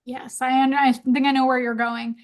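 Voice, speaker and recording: A woman's voice: high-pitched, level tone, brisk. A woman hosting a live online workshop, chatting upbeat while answering questions from the comments. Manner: chatty, upbeat, quotes clients in voices. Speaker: webinar host. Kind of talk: live Q&A webinar.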